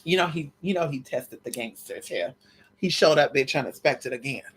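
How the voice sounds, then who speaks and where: A woman's voice: low voice, normal speed, a little hiss or hum. Sassy, profane woman telling stories. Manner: sassy, profane, animated, acts out both sides of conversations. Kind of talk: casual storytelling chat.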